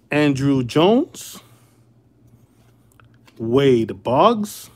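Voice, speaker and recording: A man's voice: mid-range voice, lively intonation, slow pace, pauses often. Laid-back man hosting a card break. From Chicago area. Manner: laid-back, calls viewers brother and man. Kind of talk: casual livestream card break.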